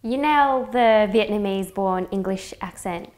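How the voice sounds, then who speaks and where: A woman journalist asking measured interview questions. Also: mid-range voice, darkish tone, faint music behind.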